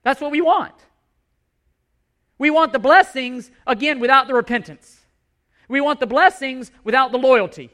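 Man, pastor, sermon, emphatic, very high voice. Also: normal speed, long pauses, bright, forceful tone. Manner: impassioned, emphatic preaching with repetition.

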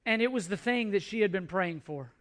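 A man's voice: high-pitched, expressive, brisk. A man preaching a sermon as a pastor, telling a story earnestly and often restarting his sentences. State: emotional at times.

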